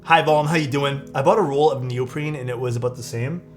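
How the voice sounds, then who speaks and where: A man's voice: mid-range voice, a little fast. A young man talks casually on a live stream, answering chat as he works with his hands. His talk is loose and friendly, full of likes and restarts. Faint music plays underneath. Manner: chatty, answers chat while working, loose filler-heavy talk. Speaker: streamer building keyboards.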